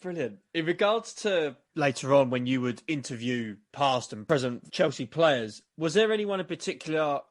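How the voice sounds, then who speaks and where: A man's voice: a little high, lively intonation, normal speed, hardly any pauses. A man hosting a podcast, asking interview questions and chipping in short agreements. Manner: brief affirming interjections. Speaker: podcast host.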